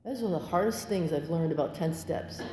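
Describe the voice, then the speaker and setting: A woman giving a candid personal testimony as a speaker at a recovery meeting, animated and acting out quotes. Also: deep voice, moderate pace, a little hiss or hum. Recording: echoey hall with long reverb, faint ambience.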